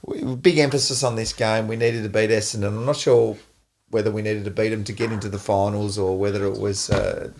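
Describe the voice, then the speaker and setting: A middle-aged Australian man hosting a podcast, an animated storyteller who laughs often. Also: lowish voice, fairly quick, vocal fry. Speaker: podcast host, former footballer. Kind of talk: casual storytelling chat.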